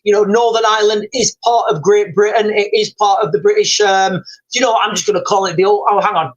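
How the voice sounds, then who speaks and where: A man's voice: high-pitched, fairly even intonation, fairly quick, dull audio. A man hosting a live stream, reading out viewer comments and talking straight to his audience in a rambling, repetitive way. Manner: rambling, repeats himself, talks straight to viewers.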